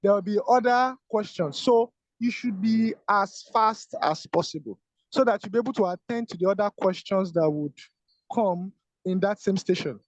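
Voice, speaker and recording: A man's voice: sits high, moderate pace, dry recording. A man, a senior doctor, giving earnest, repetitive advice to exam candidates during an online teaching session. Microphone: video call. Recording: dull lo-fi call audio.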